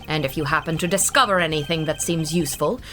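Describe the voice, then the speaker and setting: A woman voicing a composed male prosecutor, reading a game aloud in a measured, commanding tone. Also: low-pitched, a bit bright, slight background noise, voice pushed down. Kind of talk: reading a visual novel aloud.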